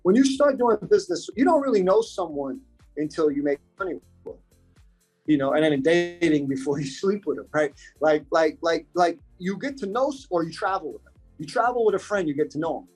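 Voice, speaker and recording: Man, somewhat high voice, husky, earnest podcast guest, faint music behind. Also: expressive, brisk, a little mellow, low-quality recording. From United States. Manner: earnest, circles back and repeats points for emphasis. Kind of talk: casual interview talk.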